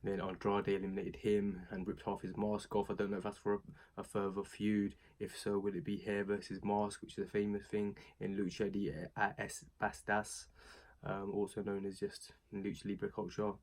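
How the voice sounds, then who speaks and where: A man's voice: lowish voice, completely flat delivery, moderate pace, a little mellow. A young British man casually recapping a wrestling show, rambling and chatty, with many fillers and asides. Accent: British English.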